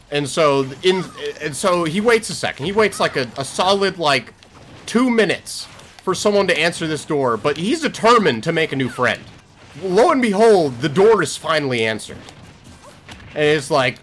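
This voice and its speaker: A man's voice: fairly high pitch, unhurried, a little hiss or hum. A young man streaming, rambling through improvised silly stories with many fillers. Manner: rambling, filler-heavy, animated. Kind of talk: improvised storytelling to chat. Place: home streaming setup.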